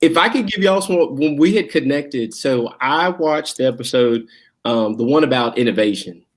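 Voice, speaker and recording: As a guest in an interview, a Southwest Virginia man who directs a school district talks in a country accent, casual and rambling, with plenty of fillers and false starts. His mid-range voice is expressive and keeps a moderate pace.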